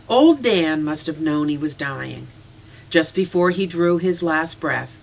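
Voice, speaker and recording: Earnest storybook reader, bright tone. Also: mid-range voice, vocal fry, muffled recording. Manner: earnest, emotional reading. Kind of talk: scripted narration of a storybook.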